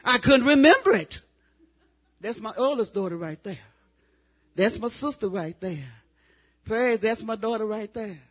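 Husky, fervent older woman preacher. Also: fairly high pitch, lively intonation, a little slow, long pauses. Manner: folksy, testifying, rising to loud fervent exclamations. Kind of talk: revival sermon.

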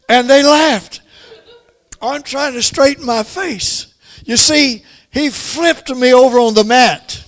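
A man's voice: very high voice, expressive, slow, fairly bright tone. A man preaching a sermon, telling a personal story in a folksy way and pressing his points with emphatic repetition.

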